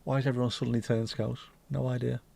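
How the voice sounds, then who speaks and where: A man's voice: mid-range voice, flat delivery, fast, creaky, mellow. A middle-aged man hosting a casual livestream and chatting in a playful, cheeky, rambling way. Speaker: livestream host.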